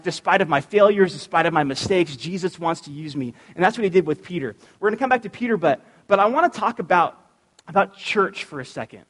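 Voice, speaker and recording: High-voiced man preaching in a reverberant church. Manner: energetic and animated, cracks jokes. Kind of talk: casual, joking sermon. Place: church sanctuary. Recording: long reverb of a church hall.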